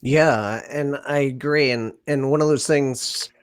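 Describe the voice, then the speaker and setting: A man hosting a podcast, asking questions in a relaxed, conversational way with plenty of fillers. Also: mid-range voice, unhurried, clean tone, dry recording, studio quality. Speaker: podcast host. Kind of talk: casual interview chat.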